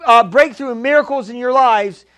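A man with a strikingly high voice preaches in church. He is emphatic, repeats his key lines and calls out to the congregation. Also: normal speed, fairly bright tone. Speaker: pastor. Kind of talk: sermon.

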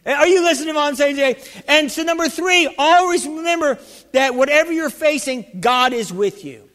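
A man with a very high voice preaches a fervent sermon, calling out questions to his congregation. His voice rings through a hall with long reverb. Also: brisk, fairly bright tone.

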